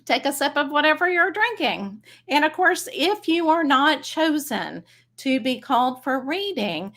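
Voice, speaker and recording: A bubbly woman with a Texas accent chats casually to her livestream audience. Her voice sits a little high. She talks in a friendly, rambling way and laughs easily. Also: big pitch swings, measured pace, fairly bright tone. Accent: Texan. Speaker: psychic medium livestream host.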